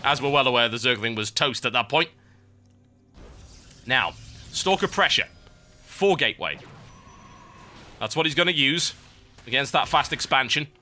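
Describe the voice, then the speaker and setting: A young British man casting a strategy game match with brisk, wry play-by-play and chatty asides. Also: medium pitch, bright, forceful tone, soft background music. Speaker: esports caster. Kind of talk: live game commentary.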